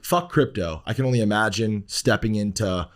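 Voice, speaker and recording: A man's voice: on the low side, normal speed. A man, a podcast guest who talks bluntly, rambles with fillers and swears often. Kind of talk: casual podcast talk.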